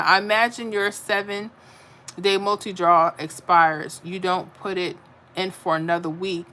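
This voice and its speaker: A woman's voice: mid-range voice, pushed and bright, a little hiss or hum. A woman hosting a casual livestream, reading viewer comments aloud and answering them in a chatty way. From Florida. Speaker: livestream host reading chat.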